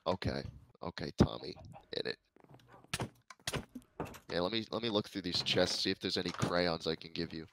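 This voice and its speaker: A man with a New York accent trades brash, profane jokes in casual gaming chat. His voice sits low and he delivers his teasing in a deadpan way. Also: normal speed, gravelly, long pauses, background noise. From United States. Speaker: streamer.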